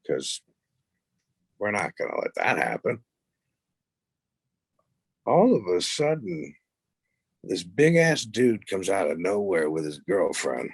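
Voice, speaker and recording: Gravelly, husky man telling stories. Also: deep voice, no echo. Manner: profane, rambling, animated retelling. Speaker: podcast guest. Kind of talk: casual storytelling.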